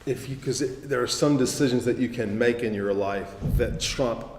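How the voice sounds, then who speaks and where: Man, mid-pitched pastor host, upbeat and affirming, heard in a reverberant hall. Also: darkish tone, a little hiss or hum. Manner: enthusiastic, quick to affirm with short exclamations. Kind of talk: conversational church talk. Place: church hall. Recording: echoey hall with long reverb.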